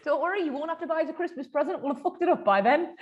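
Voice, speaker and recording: A bubbly woman hosts a relaxed podcast chat. She swears freely and breaks into loud, high laughter. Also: rapid-fire, highs cut off. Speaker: podcast host. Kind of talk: casual chat.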